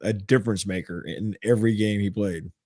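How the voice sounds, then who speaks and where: A man's voice: lowish voice, steady tone, brisk, darkish tone, no room sound, clean studio sound. Easygoing man in casual podcast chat. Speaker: podcast co-host.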